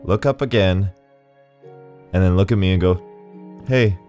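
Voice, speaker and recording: A man's voice: low-pitched, normal speed, warm tone. A man hosting a gaming video, chatting casually and rambling, laughing often as he plays. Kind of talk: casual gameplay commentary. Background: faint game music.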